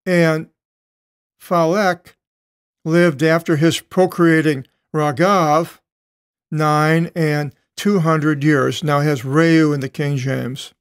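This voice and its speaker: Older man, Bible study teacher, very slow halting delivery, slightly high voice, dry close sound. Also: steady tone, clear, resonant tone, dry recording. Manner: slow, halting reading with many pauses and self-corrections. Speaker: Bible translator teaching Greek text. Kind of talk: verse-by-verse Bible study commentary.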